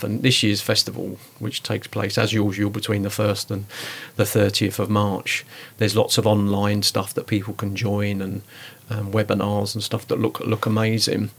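A man's voice: lowish voice, flat delivery, moderate pace, creaky, few pauses, breathy edge. A middle-aged man from the East End of London, a guest telling stories in a chatty, rambling way. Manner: rambling, chatty, lots of asides. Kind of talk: casual conversational storytelling.

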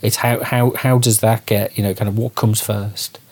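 Guy with a lowish voice hosting a chat, thinking out loud as he asks. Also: flat delivery, normal speed. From immigrant to his city. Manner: thoughtful, hesitant questioning. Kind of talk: conversational interview.

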